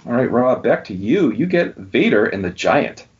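Over dull lo-fi audio, a man hosts a relaxed wrestling trivia quiz for a podcast, cheerfully reading out the questions, names and answers. His voice is husky and mid-range, and he speaks at a moderate pace.

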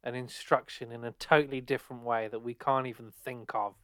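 A man's voice: mid-range voice, fairly even intonation, fairly quick, a bit bright, clean tone, no room sound, studio quality. A man co-hosting a podcast who jokes and teases the others in a wry, playful way. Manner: teasing, wry. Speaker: podcast co-host. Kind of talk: casual podcast banter.

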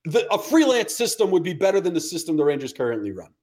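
A man's voice: fairly high pitch, very animated, quick pace, darkish tone. A man co-hosting a podcast, talking sports in a blunt, sarcastic way and swearing casually. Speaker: podcast co-host.

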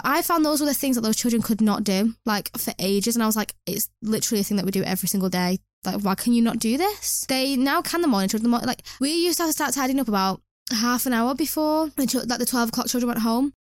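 Young woman hosting a solo chat podcast, quick and rambling, slightly high voice, dry close mic. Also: dry recording. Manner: chatty, rambling, self-mocking, frequent restarts. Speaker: podcast host. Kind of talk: casual chat.

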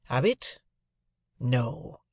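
A man reading an audiobook, voicing a secretive, sly stranger who asks slow, probing questions. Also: mid-range voice, big pitch swings, a little mellow, dry recording, clean studio sound, heavily acted. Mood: coaxing. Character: secretive, sly middle-aged male stranger.

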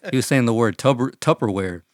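A man's voice: mid-range voice, normal speed, no room sound, clean studio sound. A man co-hosting a podcast in casual chat, profane and joking, acting out quotes as he talks. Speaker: podcast co-host.

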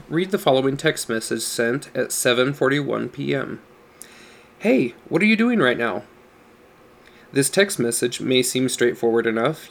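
Gravelly man reading a scripture study book. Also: medium pitch. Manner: measured, explanatory reading with stressed words. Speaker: audiobook narrator. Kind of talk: reading a religious nonfiction book aloud.

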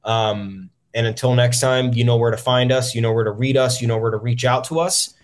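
A man's voice: mid-range voice, brisk. A man hosting a solo sports podcast, talking in a frustrated, profane, rambling way with many ums. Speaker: podcast host.

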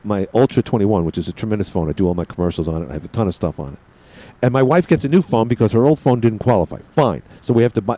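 A man's voice: lowish voice, warm tone, poor audio. A man with a Brooklyn accent hosting a radio show, telling a rambling, self-deprecating story full of digressions and restarts. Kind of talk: rambling monologue.

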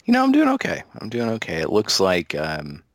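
A man's voice: lowish voice, huge pitch swings, brisk, dry recording, studio quality. A man guesting on a podcast, chatting casually and laughing as he tells stories. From Oklahoma, US. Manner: laughs while telling stories, drawling.

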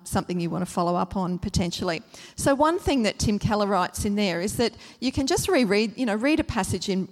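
A woman of mid pitch gives a church teaching talk in a calm, explanatory way, often pausing on um and uh. She leans on repeated phrases to stress each word in turn. Her voice carries a long hall reverb. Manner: gentle, explanatory, many ums and uhs.

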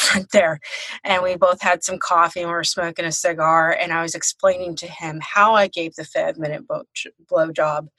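A woman's voice: on the low side, sharp tone, husky, no echo, low-quality recording. A woman hosting a podcast, telling stories in a frank, bawdy, casual way. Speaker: podcast host. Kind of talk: casual chat.

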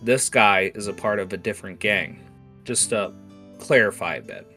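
A man's voice: lowish voice, lively intonation, normal speed, sharp tone. A man narrating as game master of a tabletop game, rambling with restarts, over faint guitar music. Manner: rambling, many fillers and restarts.

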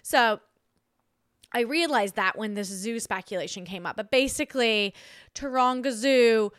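A woman's voice: fairly high pitch, unhurried, fairly bright tone, no echo, clean studio sound. A young Australian woman hosting a podcast, chatting casually on her own, giggly and rambling with frequent restarts. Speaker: podcast host. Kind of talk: casual solo chat.

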